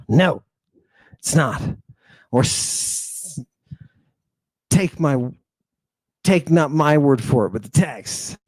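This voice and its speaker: A man's voice: a little high, animated, extremely slow, long pauses, a little mellow, dry recording. A man giving an impassioned lecture on ancient texts. He talks emphatically, repeats his phrases and keeps checking with "right?".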